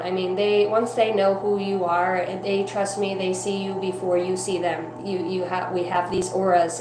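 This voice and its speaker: A woman telling a personal spiritual testimony in a rambling, profane, excitable way. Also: mid-range voice. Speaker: evangelist. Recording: roomy echo with faint hum.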